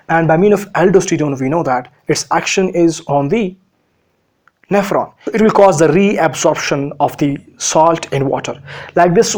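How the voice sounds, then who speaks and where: Man, somewhat high-pitched, medical lecture, explanatory, rhetorical questions, fillers and repeats. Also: darkish tone. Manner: explanatory, asks himself questions and answers them; frequent fillers and repetitions. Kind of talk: recorded physiology lecture.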